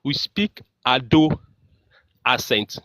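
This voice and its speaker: A man's voice: medium pitch, lively intonation, takes it slowly, sharp tone, no room sound. A man with a Nigerian Yoruba accent, speaking as a guest in an online group discussion, earnest and full of fillers and repeats.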